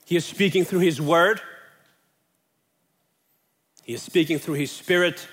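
A man's voice: on the high side, measured pace, a bit bright. A man preaching a sermon in an earnest way, building up with rising questions. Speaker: pastor. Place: church sanctuary. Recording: long reverb of a church hall.

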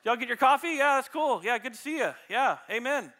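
A man preaching a sermon to his church, animated and jokey, acting out his illustrations for the congregation. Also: extremely high pitch, fairly quick. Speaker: pastor. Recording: reverberant hall.

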